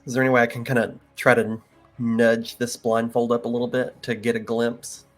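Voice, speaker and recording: A man's voice: medium pitch, flat delivery, brisk. A man playing a tabletop game, thinking aloud in a hesitant, casual way. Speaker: player. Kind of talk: casual tabletop role-play. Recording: faint music behind.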